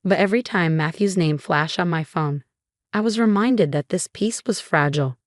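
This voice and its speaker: Woman narrator for dramatic story reads; lowish voice, dry close sound. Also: moderate pace, dry recording. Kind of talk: scripted narration.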